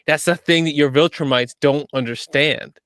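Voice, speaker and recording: A man chats casually as a podcast co-host, agreeable and full of fillers. His voice sits a bit high and sounds dry and close, with no room around it. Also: steady tone, normal speed, fairly bright tone, smooth, no room sound.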